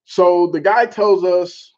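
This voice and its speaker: A man hosting a casual chat show, telling a story in an animated way with laughter and mild cursing. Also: sits high, slow. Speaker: show host. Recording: dull lo-fi sound.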